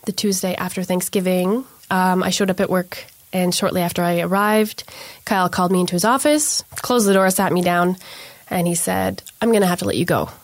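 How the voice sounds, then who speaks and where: A woman's voice: lowish voice, no echo. A young adult woman telling an interviewer about her experience, earnestly recounting events and acting out the things people said. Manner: earnest storytelling, acts out quoted dialogue. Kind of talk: personal account in an interview.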